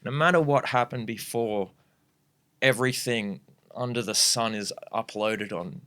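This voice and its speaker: A man's voice: mid-range voice, a little slow, sharp tone, clear, resonant tone, dry recording. A young man talking as a guest MC on a casual podcast, earnest and rambling as he thinks aloud.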